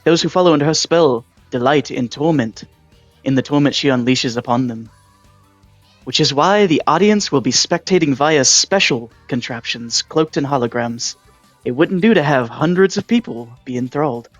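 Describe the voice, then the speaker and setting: A man's voice: mid-range voice, normal speed, dry recording, natural voice. A man doing a stately tournament announcer, dull lo-fi mic. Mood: formal. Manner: stately, ceremonious phrasing. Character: courtly male tournament announcer, gracious and formal. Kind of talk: voicing game dialogue on a live stream. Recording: dull lo-fi mic with faint music.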